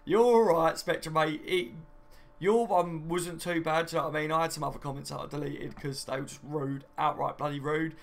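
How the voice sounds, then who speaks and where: Gravelly man chatting on a live stream. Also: fairly high pitch, level tone, fairly quick, fairly bright tone. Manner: chatty and matey, often says "mate" and "do you know what I mean". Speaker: YouTuber hosting a live stream. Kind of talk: casual live-stream chat reading viewer comments.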